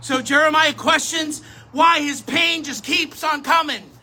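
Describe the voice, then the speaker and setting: A preacher giving a sermon, talking straight to the audience, swinging between loud emphasis and soft asides. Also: high voice, steady tone, unhurried. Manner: addresses the audience directly, self-correcting.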